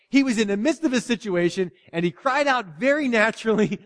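A man preaching a sermon, animated, swinging between loud exclamations and hushed asides. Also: sits high, brisk, few pauses, big-room sound. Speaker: pastor.

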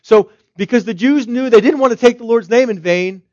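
A man's voice: very high-pitched, brisk, darkish tone, no echo. A man preaching a sermon as pastor, talking in a conversational way and firing off strings of rhetorical questions. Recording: slightly dull, dry recording.

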